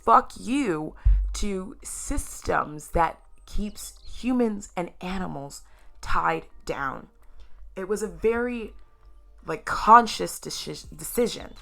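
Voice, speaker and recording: A woman's voice: lowish voice, expressive, slow pace, creaky, bright, forceful tone, faint music behind. A woman vlogger talking candidly and emphatically to her viewers, addressing them directly. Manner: candid and emotional, sometimes tearful. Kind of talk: personal video talk to camera.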